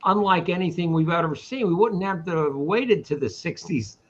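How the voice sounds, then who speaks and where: Opinionated man with a high voice. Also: normal speed, dull audio. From Boston. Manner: rambling, opinionated, repeats words. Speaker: host. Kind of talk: casual live-stream talk.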